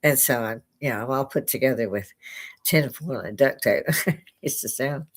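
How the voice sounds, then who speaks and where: An older American woman with a bass voice speaks at normal speed. Hosting a livestream from her home bar over headphones with a clip-on mic, she chats casually and ramblingly, laughing often.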